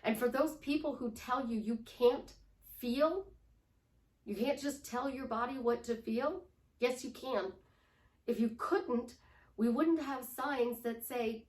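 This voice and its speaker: Animated woman coach in a roomy space. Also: a little high, slow. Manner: animated, acts out affirmations in different tones. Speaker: life coach. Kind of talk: coaching monologue. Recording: roomy sound from a distant mic.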